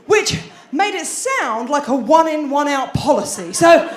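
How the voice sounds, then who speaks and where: Woman stand-up, high voice, chatty with restarts, echoey stage sound. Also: very animated, measured pace, hardly any pauses. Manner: chatty, self-deprecating, with filler restarts. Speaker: stand-up comedian. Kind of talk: stand-up comedy set. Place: theatre stage before an audience.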